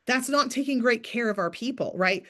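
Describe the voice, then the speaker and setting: A chatty woman in her thirties gives a lively coaching talk to her sales team. She talks fast and keeps acting out sample messages in a brighter voice. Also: on the high side.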